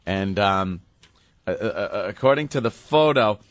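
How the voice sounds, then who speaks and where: A man's voice: fairly low pitch, lively intonation, a little slow, dry recording. Sarcastic male radio co-host, dry sound. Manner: sarcastic, reads letters aloud with mock bafflement. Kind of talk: casual radio banter. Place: radio studio.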